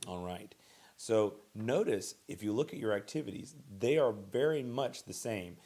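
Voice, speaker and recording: A young adult man teaching a recorded vocabulary lesson, saying each word twice and stressing syllables clearly in a relaxed, unhurried way. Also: lowish voice. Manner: relaxed, with fillers and restarts. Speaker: Russian language teacher.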